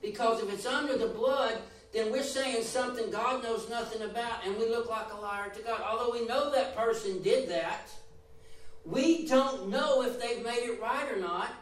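A man's voice: extremely high pitch, normal speed, a little hiss or hum. A man preaching a sermon with rising and falling emphasis, acting out the voices he quotes. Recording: echoey room, voice from a distance.

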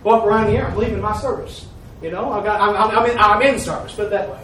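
A high-pitched lay preacher talks quickly at a church service, telling a folksy testimony story and acting out the quoted dialogue. Crowd noise surrounds him, and the distant mic gives the room an echo.

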